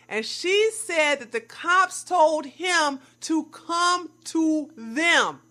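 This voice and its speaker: A woman commentator with a high, lively voice speaks slowly and with a bright edge. She mocks the claims she reviews and chats to her viewers as y'all. Her delivery stays sarcastic and pointed. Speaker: commentary vlogger. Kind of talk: scripted commentary.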